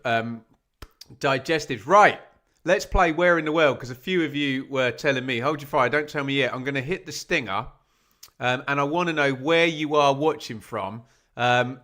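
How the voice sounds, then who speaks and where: A man's voice: mid-range voice, normal speed, pushed and bright. A man hosting a live football watch-along stream, chatting casually with viewers, reading out where they are watching from, and joking at his own expense. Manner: chatty, reads out viewer locations, self-mocking.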